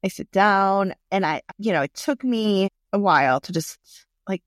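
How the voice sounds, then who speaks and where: A woman casually telling a personal story, candid and animated, swearing freely as she goes. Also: medium pitch, moderate pace, few pauses, no room sound, studio quality.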